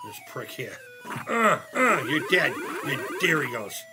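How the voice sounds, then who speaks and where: A man's voice: a little high, unhurried, music in the background. A man chatting casually during a live retro game stream, swearing often and laughing at himself. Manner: profane, laughing, excitable. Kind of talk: casual live gameplay chat.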